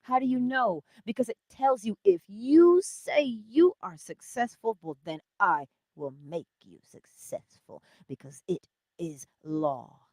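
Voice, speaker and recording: A woman hosting a morning inspiration stream, giving an animated motivational talk that moves between loud cheering and soft whispers, laughing often. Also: fairly high pitch, unhurried, no room sound, studio quality.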